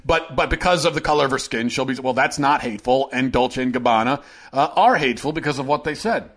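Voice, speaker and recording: A man's voice: medium pitch, fast talker, a bit bright. A man hosting an opinion commentary show, talking in a sarcastic, heated and mocking way. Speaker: host.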